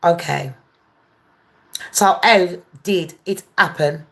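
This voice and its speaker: A woman's voice: fairly low pitch, slow, gravelly, fairly bright tone. A woman hosting a gossip live stream, chatting casually, swearing freely and greeting viewers by name. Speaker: gossip channel host.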